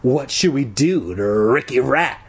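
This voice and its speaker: Male reader doing a mean girl bully, mocking, a bit breathy. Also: medium pitch, lively intonation, a little slow, full character voice.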